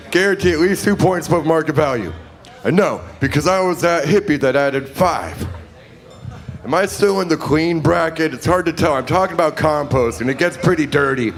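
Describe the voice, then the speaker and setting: A man's voice: on the high side, vocal fry. A man doing a rambling, self-mocking stand-up set. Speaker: stand-up comic. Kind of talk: stand-up routine.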